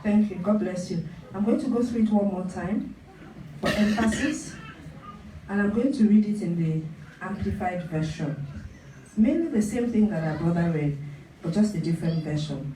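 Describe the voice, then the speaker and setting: A woman's voice: medium pitch, lively intonation, moderate pace, mellow, a little hiss or hum. A woman pastor preaching a sermon, stressing her points by repeating them. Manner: emphatic, repeats phrases for emphasis. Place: church hall. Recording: echoey hall, picked up from a distance.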